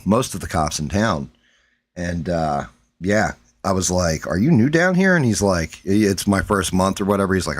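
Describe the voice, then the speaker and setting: Deep-voiced guy on his stream rambling through a story, swearing a lot, lots of restarts. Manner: rambling, profane, restarts often. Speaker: stream host. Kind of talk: casual storytelling chat.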